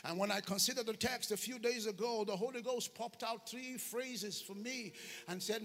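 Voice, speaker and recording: High-pitched preacher, gravelly edge. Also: male voice, moderate pace, fairly bright tone. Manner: fervent call-and-response preaching. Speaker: pastor. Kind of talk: sermon. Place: church hall. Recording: long hall reverb, faint music behind.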